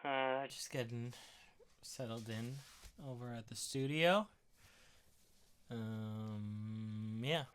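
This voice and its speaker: A man hosting a casual podcast chat from a studio, relaxed and easygoing as he steers the talk. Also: mid-range voice, very slow, long pauses, smooth. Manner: relaxed, easygoing, leading the conversation. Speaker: host. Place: recording studio.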